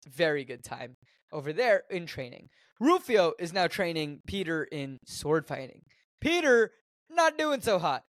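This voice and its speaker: A man co-hosting a podcast, casually recapping a film from his notes with animated jokes. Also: high voice, no room sound. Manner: animated, joking, reads notes aloud. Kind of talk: casual chat.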